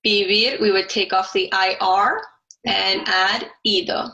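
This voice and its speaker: Slow, bright-voiced woman teaching Spanish. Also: mid-range voice, steady tone, highs cut off. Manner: slow, careful explanations with spelled-out letters. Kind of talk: online grammar lesson.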